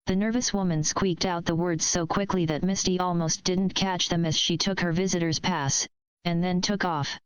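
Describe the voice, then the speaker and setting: A woman reading a fan fiction story aloud in a steady, measured way. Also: on the low side, clear, resonant tone, dry recording, rough recording. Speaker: story reader. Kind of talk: fanfiction read aloud.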